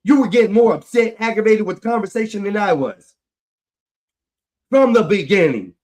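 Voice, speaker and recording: A man's voice: sits high, expressive, normal speed, a little mellow. A man ranting angrily on a livestream, swearing heavily and repeating himself. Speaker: livestream host. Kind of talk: angry livestream rant.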